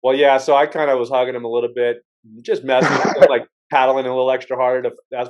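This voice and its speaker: A man's voice: mid-range voice, little pitch movement, fast talker, dull audio, a little hiss or hum. A man hosting a podcast, telling stories in a rambling, casual way with frequent restarts and the odd curse word. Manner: rambling storyteller with many restarts and swearing. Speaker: podcast host. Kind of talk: casual chat.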